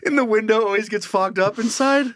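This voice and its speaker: A man's voice: high voice, a little fast, fairly bright tone. Giggly man riffing on a podcast. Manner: laughs often, acts out silly voices. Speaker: podcast co-host. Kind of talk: casual comedic chat.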